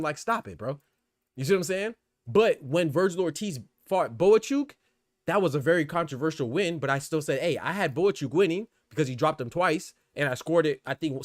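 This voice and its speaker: A young adult man with a slightly higher voice talks boxing in a casual, opinionated way, repeating himself and restarting his sentences as he builds a point. His slangy, emphatic delivery sounds close and dry, with no room sound around it. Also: no echo. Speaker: boxing podcast host.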